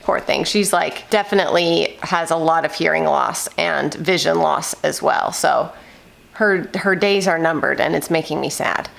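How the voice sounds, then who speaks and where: A woman in her thirties chatting casually to the camera at home, rambling with lots of fillers, her voice a little hoarse and nasal from a coming cold. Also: sits low, normal speed, fairly bright tone, a little hiss or hum. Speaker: vlogger, mother of eight. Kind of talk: casual vlog chat. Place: at home indoors.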